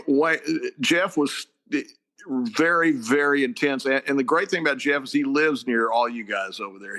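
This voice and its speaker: Bright-voiced older football coach. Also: male voice, mid-range voice. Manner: animated, laughing storyteller. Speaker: football head coach, guest. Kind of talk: storytelling in a casual chat.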